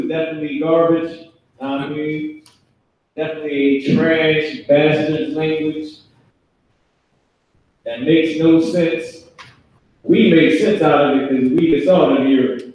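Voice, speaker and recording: A man's voice: a little high, steady tone, measured pace, pauses often, darkish tone, distant mic, lo-fi sound. A man teaching a live online Hebrew class in a classroom, loose and joking, slangy, acting out voices for laughs. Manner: loose, jokey, slangy, acts out kids' voices. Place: classroom with a whiteboard. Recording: echoey room, speaker away from mic.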